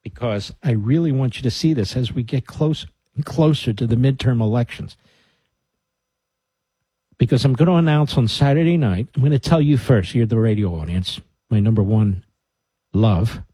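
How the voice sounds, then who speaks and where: Emphatic male radio host, dark husky voice. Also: medium pitch, moderate pace, dry recording. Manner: emphatic, animated, mocking asides. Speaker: radio talk show host. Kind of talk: radio monologue. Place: radio studio.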